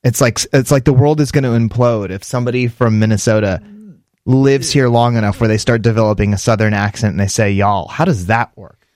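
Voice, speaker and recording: A man's voice: medium pitch, brisk, a little mellow, no echo, studio quality. A man co-hosting a morning radio show, chatting curiously and playfully. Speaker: radio co-host. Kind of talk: casual morning radio chat.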